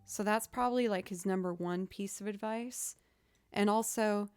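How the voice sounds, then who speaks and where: A woman hosting a casual livestream chat, answering viewer questions as a chatty, expressive storyteller. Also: mid-range voice, normal speed, soft background music. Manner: chatty, expressive storyteller who acts out quoted reactions.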